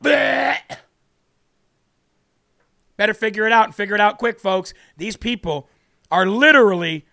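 A man's voice: high voice, pushed and bright, dry recording, studio quality. A man with an American accent hosting a political talk show, talking in a brash, indignant way that repeats words for emphasis.

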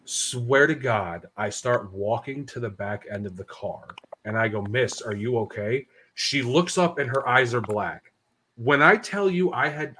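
A young man with a somewhat low voice tells ghost stories in a loose, casual podcast chat. He is animated and profane, throwing in curses as he talks. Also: rough recording. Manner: profane, animated, swears freely.

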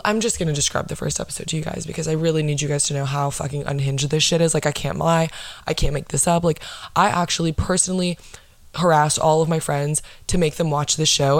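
A woman vlogger telling a story in a blunt, profane, excitable way, casually recapping a show. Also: low voice, dry recording.

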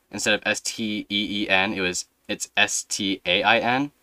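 A young man hosting a casual podcast chat, telling stories in a rambling, animated way with plenty of fillers. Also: lowish voice, moderate pace, hardly any pauses, dry recording. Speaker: podcast host.

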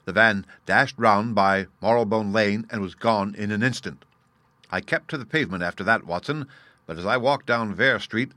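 An adult man voicing a calm, confident detective who speaks with composed irony in an audiobook reading. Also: on the low side, dry recording.

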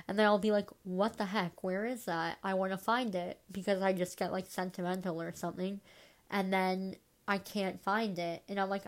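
A woman hosting a solo podcast, a bit stuffed up and nasal, rambling casually with lots of "like"s and self-deprecating asides. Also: medium pitch. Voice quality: nasal from congestion. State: stuffed up, congested. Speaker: podcast host.

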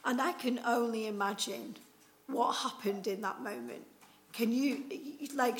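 Woman preacher, higher voice with gravelly fry, chatty storytelling sermon. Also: slight background noise. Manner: chatty storytelling with many fillers. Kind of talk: informal Easter sermon.

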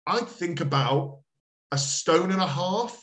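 A man's voice: high voice, lively intonation, slow, fairly bright tone. A man, a coach chatting as an interview guest, rambling with lots of filler words and casual swearing. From United Kingdom.

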